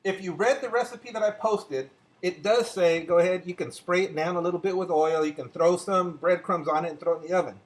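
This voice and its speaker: An older man hosting a laid-back cooking show at home talks viewers through each step in his kitchen, chatting as he works. His high voice runs a little fast, and the audio is poor.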